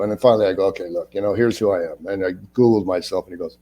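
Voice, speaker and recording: Older man telling lively stories in a mellow voice. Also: low-pitched, racing. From Ohio, United States. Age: 60s. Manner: animated storyteller, acts out other people's lines. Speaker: actor, guest. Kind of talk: casual interview storytelling.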